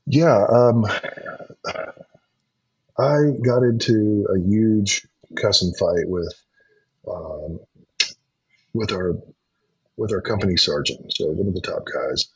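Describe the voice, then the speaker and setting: Deep husky man telling his story. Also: slow pace, pauses often, dry recording. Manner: earnest, storytelling, frequent restarts and ums. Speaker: podcast guest. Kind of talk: personal testimony in conversation. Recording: dull lo-fi sound.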